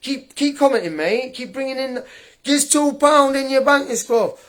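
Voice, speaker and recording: A young man with a high-pitched, slightly bright voice launches into an angry livestream rant at normal speed, scornfully taunting his critic in a combative way and laughing as he carries on.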